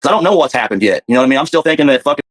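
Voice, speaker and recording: A man talks at a very fast clip, rambling through his story. It comes out casual and profane, packed with fillers. His pitch sits in an ordinary middle range. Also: expressive. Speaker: guest telling his story.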